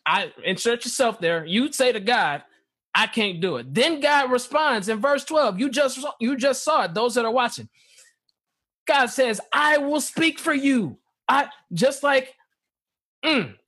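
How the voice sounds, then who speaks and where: A man in a casual Bible discussion, reading scripture slowly and acting out the dialogue with animation. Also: high voice, fairly bright tone, breathy edge. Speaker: podcast co-host teaching scripture.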